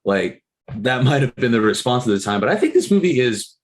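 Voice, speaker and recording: A man's voice: medium pitch, a little fast. A man co-hosting a movie podcast, chatting casually with lots of fillers and restarts. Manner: rambling, filler-heavy, animated. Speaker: podcast co-host. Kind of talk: casual chat about movies.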